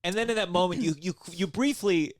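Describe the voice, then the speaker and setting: A man with a somewhat high voice hosts a podcast, trading jokes with his guest and asking loose questions. He riffs playfully and jumps into quoted voices now and then. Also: brisk, a crowd in the background. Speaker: podcast host. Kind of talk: casual podcast chat.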